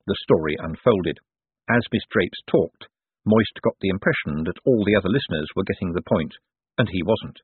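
Husky male audiobook narrator, tinny sound. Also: sits low, moderate pace, dry recording.

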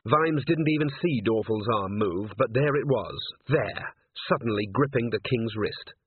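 A man narrating an audiobook in a lively, expressive manner. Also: medium pitch, measured pace, slightly rough. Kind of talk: audiobook reading. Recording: tinny phone-like sound, dry.

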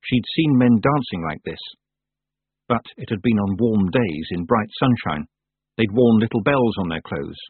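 A man reading a fantasy story aloud as narrator, in a lively, expressive way. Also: fairly low pitch, unhurried, husky, dry recording. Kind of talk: audiobook reading. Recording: tinny phone-like dry sound.

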